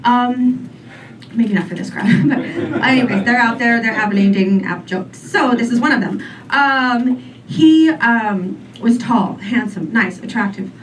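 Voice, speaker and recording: A woman's voice: fairly high pitch, a little slow. Rambling woman comic in her forties. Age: 40s. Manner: rambling, filler-heavy, deadpan. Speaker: stand-up comedian. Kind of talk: stand-up comedy set. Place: comedy club stage. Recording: distant mic with faint room noise.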